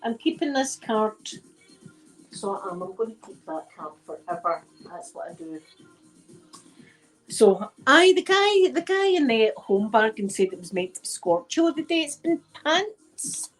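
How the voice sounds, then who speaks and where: A woman's voice: on the high side, sing-song, a little slow, soft background music, rough recording. A Scottish woman chatting casually to her livestream viewers from home on her phone, rambling and repeating herself. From Scotland. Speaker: livestream host. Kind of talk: casual chat.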